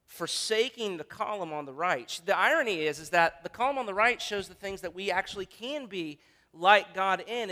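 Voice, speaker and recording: Bright-voiced male pastor in a reverberant hall. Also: high-pitched. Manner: earnest, thinks aloud with restarts. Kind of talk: sermon.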